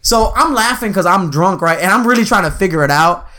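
A man's voice: high-pitched, animated, fairly quick, sharp tone. A man in his twenties telling a rambling, profane story in casual chat, often putting on voices for the people in it.

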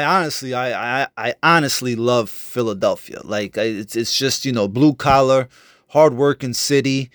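A young man rants about his baseball team in a loose, profane, fired-up way, piling on fillers and false starts. His voice sits at an ordinary middle pitch, recorded dry and close with no room sound. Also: no room sound. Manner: profane, fired-up trash talk with many fillers and restarts. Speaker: sports fan vlogger. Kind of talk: casual fan rant.

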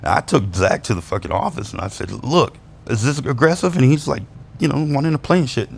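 A man's voice: medium pitch, expressive, quick pace, gravelly, a little mellow, slight background noise. A man telling a rambling personal story to camera, profane and laughing between lines, swinging between bitter and wistful. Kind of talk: casual personal storytelling monologue.

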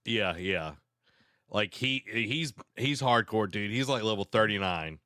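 Low, smooth-voiced male podcast co-host. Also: a little slow, no echo, clean studio sound. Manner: relaxed and friendly, with frequent fillers. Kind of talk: casual gaming podcast chat.

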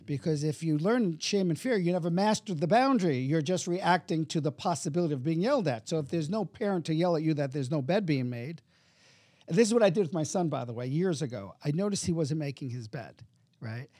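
Brief: male guest with a fairly high, mellow voice, explaining, close and dry. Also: expressive, brisk, dry recording. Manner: explanatory, acts out voices in anecdotes. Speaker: hypnotherapist guest. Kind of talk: interview conversation.

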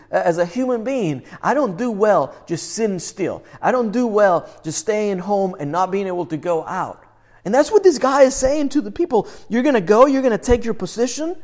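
Male pastor, sermon, lively outbursts then hushed and earnest. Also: high-pitched, moderate pace.

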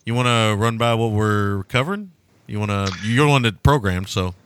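A man's voice: on the low side, normal speed, fairly bright tone, slight background noise. A man and father co-hosting a film podcast, chatty and self-mocking with frequent laughs. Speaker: podcast co-host, a parent. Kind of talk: casual film podcast chat.

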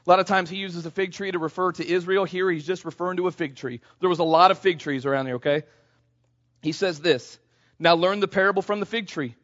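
Guy pastor with a high voice preaching to the church, all fired up, muffled lo-fi recording. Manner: animated, calls out to the congregation. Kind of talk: sermon. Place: church sanctuary.

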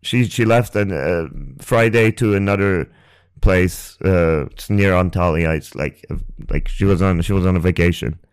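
A man hosting a podcast and telling a painful personal story. He speaks haltingly and emotionally, restarts often and swears, close to the mic. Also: deep voice, clean tone, no echo. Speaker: podcast host. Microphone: close ASMR microphone.

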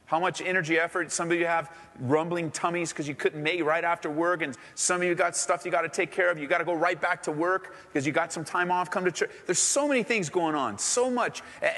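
A male pastor preaching a sermon in a church, with impassioned delivery that climbs high when he voices prayers. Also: a bit bright, in a large hall. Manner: impassioned preaching, voice rising sharply in acted prayers. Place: church sanctuary.

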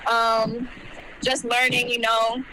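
Woman caller on a podcast, slow and relaxed, casual chat, vehicle noise loud behind her. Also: a little high. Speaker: caller, host's sister.

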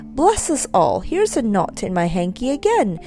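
A woman's voice: mid-range voice, huge pitch swings, measured pace, dark tone, faint music behind. A woman voicing a fussy, forgetful old husband who frets and exclaims. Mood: fretful. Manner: fretful, exclaiming.

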